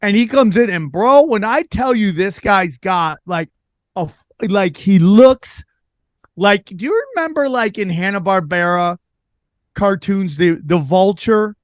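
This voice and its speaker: Podcast host, male, high voice, dry close sound, lively storyteller who acts out quotes. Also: a little slow, no room sound. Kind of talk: casual storytelling chat.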